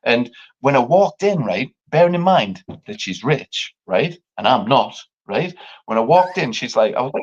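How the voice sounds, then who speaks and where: A man's voice: moderate pace, breathy edge. A man hosting a live show, telling a long story casually, swearing a lot and acting out the other people's lines. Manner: animated, swearing, acts out quotes with big pitch jumps. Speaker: podcast host. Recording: dull lo-fi live stream audio.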